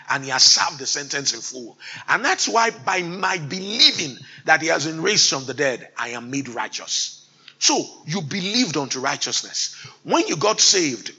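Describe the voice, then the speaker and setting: Preacher, male, bright tense tone, builds to forceful emphatic sermon delivery. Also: a little high, husky, rough recording. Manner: rising to loud emphatic exhortation, mimics timid believers.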